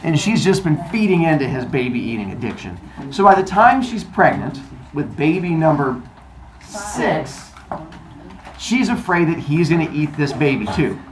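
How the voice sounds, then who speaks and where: A woman retelling a myth in a lively comic way, joking and quizzing her listeners. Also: low-pitched, moderate pace. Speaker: storyteller. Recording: echoey room, noisy.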